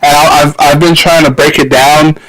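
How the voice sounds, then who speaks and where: A man with a slightly high voice talks in casual podcast chat. He stops and restarts often, searching for the right words. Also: level tone, normal speed, a bit bright, poor audio. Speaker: podcast co-host.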